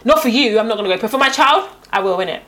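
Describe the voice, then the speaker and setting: A young woman tells stories in casual chat, acting out the voices of people she describes. Her voice is fairly high, and she speaks fast and with animation. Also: background noise. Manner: animated storytelling, acts out quotes.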